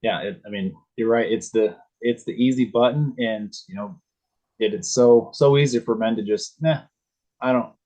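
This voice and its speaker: A man hosting a podcast interview, asking his questions hesitantly with many pauses and restarts. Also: fairly low pitch, dark tone, low-quality recording. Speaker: podcast host.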